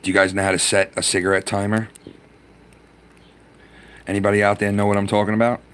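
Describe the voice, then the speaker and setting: A man's voice: fairly low pitch, little pitch movement, brisk, fairly bright tone, clear, resonant tone. A middle-aged man chatting on a live stream, swearing freely and rambling through stories from his youth. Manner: profane, rambling storyteller. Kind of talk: casual live-stream chat.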